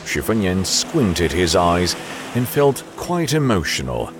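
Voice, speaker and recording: A man narrating a novel as an audiobook in a measured storytelling manner. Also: low voice, very animated, soft background music.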